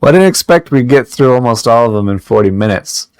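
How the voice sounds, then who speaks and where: A man's voice: mid-range voice, expressive, fast, darkish tone, clear, resonant tone, no echo. A man co-hosting a podcast, chatting in a loose, rambling, joking way. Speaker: podcast co-host. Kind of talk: casual podcast chat.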